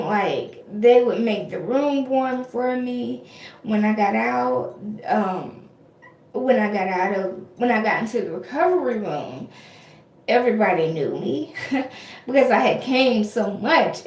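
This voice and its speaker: Young woman vlogger, highish voice, chatty storytelling, lots of ums, echoey room. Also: darkish tone. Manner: chatty, frequent fillers and restarts. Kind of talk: casual storytelling to camera.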